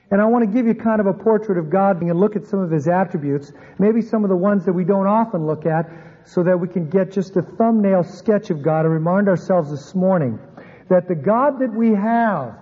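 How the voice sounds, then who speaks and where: A man preaching a sermon in an earnest way, often dropping his voice low for emphasis, recorded in a church sanctuary. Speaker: pastor. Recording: muffled sermon recording with long reverb.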